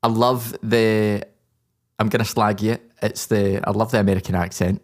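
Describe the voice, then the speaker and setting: A man's voice: fairly low pitch, steady tone, moderate pace. A man hosting a radio interview, jokey and informal, teasing his guest as he asks about her song. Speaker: radio host.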